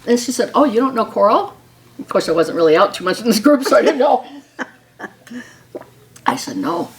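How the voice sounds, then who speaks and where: An older woman from Wisconsin telling her story to an audience, chatty and quick to laugh. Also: medium pitch, very animated. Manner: warm, chatty, laughs often.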